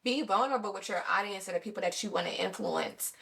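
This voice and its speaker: A woman with a mid-range, bright voice offers advice on a podcast. She sounds earnest and encouraging, speaking plainly to her listeners. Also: medium pitch, fast, creaky. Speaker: podcast co-host. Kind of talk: casual chat.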